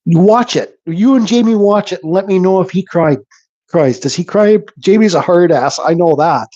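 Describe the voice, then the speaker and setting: A man's voice: high-pitched, moderate pace, dark tone, dull audio. A middle-aged man from Canada hosting a woodcarving channel, chatting casually and bluntly with live viewers, rambling and swearing freely. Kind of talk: casual chat to live viewers while carving.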